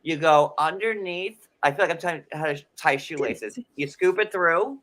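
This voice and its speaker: A man's voice: fairly high pitch, normal speed, a bit bright. A man co-hosting a casual chat, sarcastic and rambling with many fillers. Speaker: podcast co-host.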